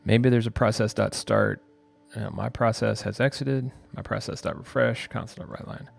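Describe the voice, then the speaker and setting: Gravelly low-voiced man coding live. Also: steady tone, moderate pace. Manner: muttering to himself while typing code. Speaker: developer livestream host. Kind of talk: live coding, thinking aloud. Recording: faint music and keyboard typing behind. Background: keyboard typing, faint music.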